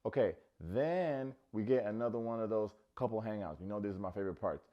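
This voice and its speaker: A man hosts a comedic recap of a TV show, tossing out sarcastic jokes and teasing asides. His voice sits fairly low, and the recording sounds a little dull and lo-fi. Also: fairly quick. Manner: playful, sarcastic, jokey asides. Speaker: recap host.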